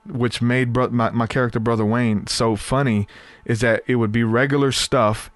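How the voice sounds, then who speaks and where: A man hosting a podcast, telling a story in a casual, animated way and laughing easily. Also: mid-range voice, no room sound. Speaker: podcast host.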